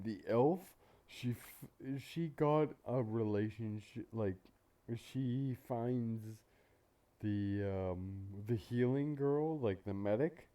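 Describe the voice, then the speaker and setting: A man's voice: mid-range voice, warm tone. A man hosting an anime reaction video, talking in a rambling, casual way with many fillers and some swearing. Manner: rambling, filler-heavy, profane. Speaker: anime reaction channel host.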